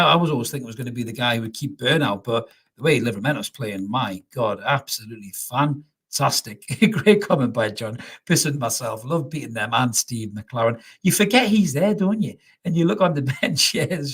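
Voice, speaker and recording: A man with a Geordie accent talks through a live reaction stream from his house, reading out viewer comments. His voice is husky and sits at an ordinary middle pitch. He swears freely and doubles his words for emphasis. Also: a bit bright. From North East England. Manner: swears freely and repeats himself. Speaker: fan channel host reading comments. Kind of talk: live post-match reaction chat. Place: at home, indoors.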